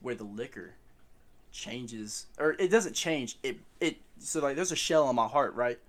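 A young man co-hosting a casual sports podcast, animated and laughing, calling everyone bro. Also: mid-range voice, unhurried. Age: young adult. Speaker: podcast co-host. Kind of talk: casual chat.

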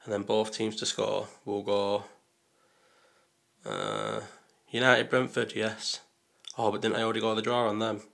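A man with a somewhat low-pitched voice chats loosely through his betting picks. He rambles and thinks out loud, doubting himself and correcting his choices as he goes. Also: unhurried, creaky, long pauses. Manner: rambling, talks to himself, second-guesses aloud. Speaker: betting vlogger. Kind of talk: casual chat while placing bets.

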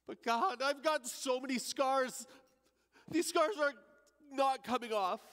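At a church service, a pastor with a high voice performs a first-person monologue as the penitent thief dying on a cross. In a large hall, his pleading delivery falters with emotion, going from quiet remorse to outright cries.

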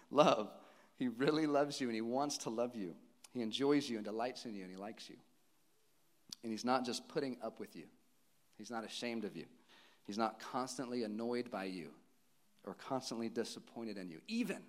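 A man in his thirties preaching a sermon in a church, animated, laughing often and dropping to soft near-whisper lows. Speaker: pastor.

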